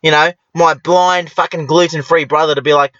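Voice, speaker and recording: A man's voice: fairly high pitch, steady tone, normal speed, a bit bright, no room sound, lo-fi sound. Foul-mouthed rambling man. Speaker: podcast host. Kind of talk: crude comedic monologue.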